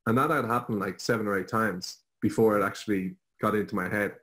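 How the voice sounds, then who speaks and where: A man's voice: on the low side, steady tone, brisk, a bit bright, low-quality recording. A young Irish man, a guest on an online show, telling a personal story with jokes at his own expense. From Ireland. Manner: jokey, self-deprecating storyteller.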